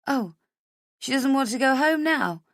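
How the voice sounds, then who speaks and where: A woman's voice: sits high, expressive, a little slow, fairly bright tone, dry recording, studio quality, voice pushed up, heavily acted. A woman voicing a drunk, giggly young mother who talks in a loose, chirpy, slightly slurred way.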